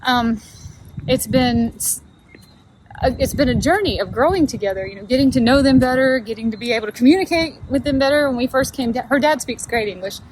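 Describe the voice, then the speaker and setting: A fairly high-voiced woman talking on a travel vlog, chatty and emotional and laughing easily. Steady background noise runs under her voice, which is recorded outdoors. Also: a little fast, rough recording. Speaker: travel vlogger. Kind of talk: casual vlog chat.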